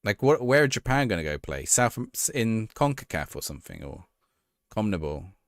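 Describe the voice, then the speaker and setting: Man, game streamer, chatty live commentary, low voice, very expressive, dry close sound. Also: normal speed, dry recording. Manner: chatty, reacts to the game and answers chat.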